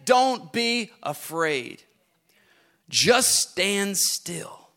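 A man preaching a sermon, repeating phrases with rising emphasis and moving from hushed whispers to fervent near-shouting. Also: high voice, big pitch swings, drawn-out words. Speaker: pastor.

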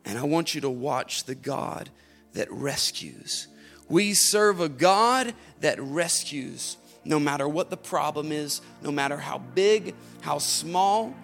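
A man preaching a sermon, repeating phrases with rising emphasis and moving from hushed whispers to fervent near-shouting. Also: a little high, expressive, slow pace, vocal fry, soft background music. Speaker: pastor.

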